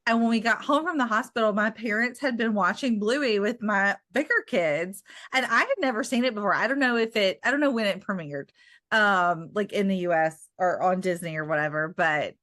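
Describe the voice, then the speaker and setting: A woman's voice: medium pitch, normal speed, fairly bright tone, no echo, studio quality. A woman in her thirties co-hosting a podcast, telling family stories in casual chat. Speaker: podcast co-host.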